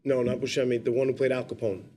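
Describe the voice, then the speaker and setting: A man with a Brooklyn accent, an actor on a podcast, telling animated anecdotes in casual chat and swearing freely. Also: mid-range voice, quick pace, a little hiss or hum.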